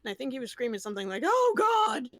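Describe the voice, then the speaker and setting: A woman recounting events in a game roleplay, her voice at a middling pitch. The sound is dry and close, and she wanders from point to point. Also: very fast, no room sound. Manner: rambling, loose storytelling.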